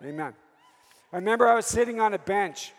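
A man's voice: sits high, expressive, a little fast, long reverb tail. A priest in his fifties preaching a sermon, telling personal stories and calling to the audience for an "Amen?". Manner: storytelling, calls for "Amen?" from the audience.

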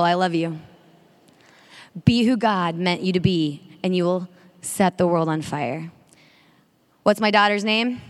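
A woman giving an energetic sermon-style talk to a women's audience, drawing call-and-response. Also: lowish voice. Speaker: speaker at a women's faith event. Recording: long reverb of a large hall.

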